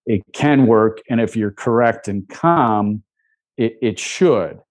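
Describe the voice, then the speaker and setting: A man, a former reporter, calmly explaining how he handles press coverage in a conversational interview. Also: lowish voice. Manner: measured, calm, with frequent restarts. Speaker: media relations advisor, former reporter.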